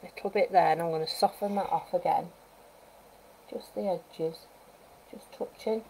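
A woman with a mellow, slightly low voice talks casually through a live painting lesson. She thinks aloud as she works and adds gentle coaching asides for viewers. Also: fairly even intonation, a little slow, gravelly, slight background noise, rough recording. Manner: chatty, thinks aloud while working. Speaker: wildlife artist teaching painting. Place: art studio at home, live stream.

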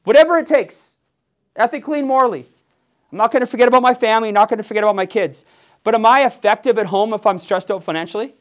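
A man in his forties with a rather high voice drives home a motivational sales training talk. He is fired up and punchy, firing "yes or yes?" back at his team. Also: racing, fairly bright tone. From Milwaukee, USA. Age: 40s.

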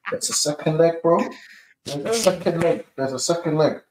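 A man's voice: fairly high pitch, normal speed. A man ranting as a football fan, swearing and repeating the same phrases again and again. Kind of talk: exasperated reaction rant. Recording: roomy clip with faint noise.

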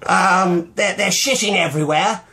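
A man's voice: sits high, moderate pace, pushed and bright. A man putting on a stressed, sweary gent plagued by pigeons, ranting in improvised comedy over voice chat. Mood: exasperated rant.

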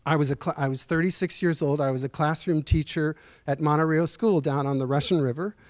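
A man in his sixties giving a personal storytelling lecture in a university auditorium, earnest and reflective, pausing as he speaks. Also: on the high side, fairly even intonation, dry recording. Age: 60s. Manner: earnest, reflective, halting with pauses. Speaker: guest speaker at a lecture series.

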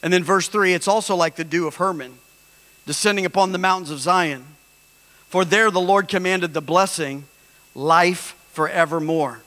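A male pastor preaching with a high voice and a bright, forceful edge. He builds his points with emphasis until they break into shouts. His voice carries a long reverb from a large hall. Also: moderate pace. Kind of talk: sermon. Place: church hall.

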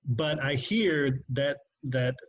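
A man hosting a podcast, speaking reflectively in a soft-spoken, casual way. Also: mid-range voice, takes it slowly, slightly rough. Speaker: podcast host. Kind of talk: casual conversation. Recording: dull, lo-fi remote audio.

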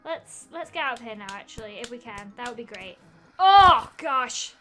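A woman's voice: a little high, expressive, moderate pace, sharp tone, faint music behind. A young woman giving giggly, exclamation-filled let's-play commentary as a gaming YouTuber, talking to the game as she plays.

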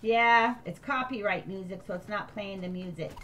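A woman's voice: medium pitch, normal speed, fairly bright tone. An older woman live-streaming a game, chatting with viewers and thanking them by name.

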